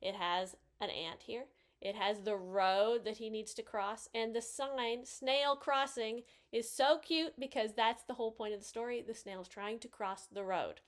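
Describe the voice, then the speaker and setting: A woman hosting a casual picture book review, cheerful and gently enthusiastic as she hands out scores. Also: on the high side, steady tone, measured pace.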